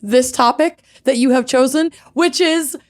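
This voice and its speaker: A woman's voice: high-pitched, a little slow. A woman co-hosting a podcast in casual chat, playful and bubbly, stretching words for emphasis. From Minnesota. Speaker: podcast co-host.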